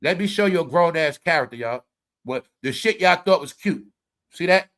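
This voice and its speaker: A man hosting a live commentary stream, talking straight to his viewers in an animated, preachy way. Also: on the high side, moderate pace. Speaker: commentary livestream host.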